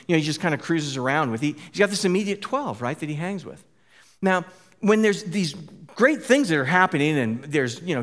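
A man's voice: on the high side, a bit bright. Man preaching in a chatty, searching way. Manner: informal, repeats words, asks the listeners questions. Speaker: pastor. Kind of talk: conversational sermon.

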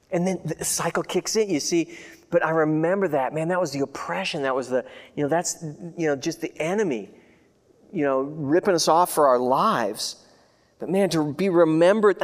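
A man preaching a sermon as a pastor, talking in a conversational, earnest way, repeating himself and swinging between loud declarations and hushed remembering. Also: a little high. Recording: hall with long reverb.

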